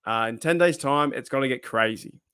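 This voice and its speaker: A man's voice: medium pitch, fairly quick, pushed and bright, smooth, no room sound, clean studio sound. A man talking casually to the camera as a sports YouTuber, rambling and thinking aloud with frequent asides. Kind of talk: casual solo video commentary.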